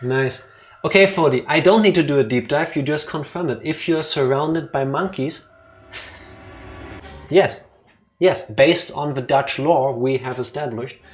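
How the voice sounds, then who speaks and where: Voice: medium pitch, measured pace. A co-host of a game playthrough, joking and sarcastic in casual chat. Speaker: let's play co-host.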